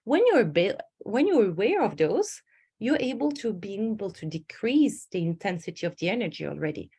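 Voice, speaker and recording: A woman's voice: medium pitch, very animated, normal speed, dark tone, slightly rough. A middle-aged woman, a stress management coach giving a webinar and telling stories with acted inner voices. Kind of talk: webinar presentation.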